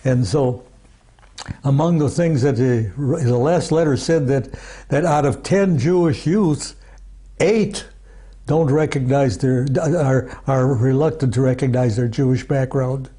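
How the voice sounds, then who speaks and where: A man's voice: medium pitch, a little slow, warm tone, slightly rough. A man being interviewed as an archivist, talking in a rambling, casual way, full of restarts and asides like "you see" and "you know.".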